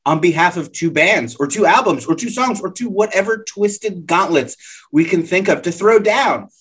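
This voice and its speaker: A man co-hosting a podcast, joking and self-deprecating in a deadpan way. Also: high voice, moderate pace, breathy edge. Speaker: podcast co-host. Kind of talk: casual podcast chat.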